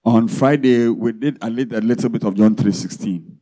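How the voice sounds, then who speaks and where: Mellow-voiced preacher. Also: male voice, medium pitch, moderate pace. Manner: preaching with rhetorical questions to the congregation. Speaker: pastor. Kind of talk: sermon.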